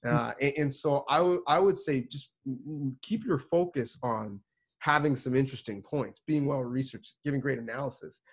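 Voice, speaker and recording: A man's voice: medium pitch, moderate pace, husky. A man, a sports reporter and producer, giving earnest, emphatic advice to students over a video call, with frequent restarts.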